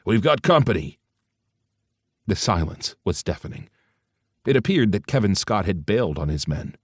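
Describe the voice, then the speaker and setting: A man reading an audiobook in steady, even scripted narration. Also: sits low, normal speed, breathy edge, no room sound, studio quality.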